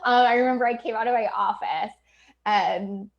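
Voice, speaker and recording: A woman's voice: fairly high pitch, moderate pace, highs cut off. Woman in her thirties, business coach on a casual livestream; candid, chatty, laughs easily, swears, lots of fillers. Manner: filler-heavy with many likes and ums.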